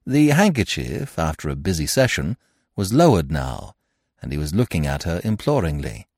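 A man narrating a classic comic novel in an expressive, animated storytelling manner. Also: deep voice, normal speed, husky, no room sound, studio quality. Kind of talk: audiobook narration.

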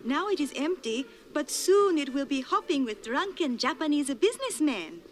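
A woman's voice: high-pitched, sing-song, moderate pace, a little hiss or hum. A woman voicing a polite restaurant hostess in a cartoon, welcoming and reassuring.

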